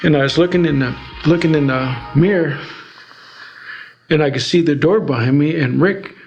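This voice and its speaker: A middle-aged man from Alaska shares his past in a loose, rambling way, full of "you know" and "it's like". His voice sits a little higher than most men's. Soft music plays faintly underneath. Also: normal speed, dull audio. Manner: rambling storytelling with many fillers. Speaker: interviewee. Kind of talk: personal testimony.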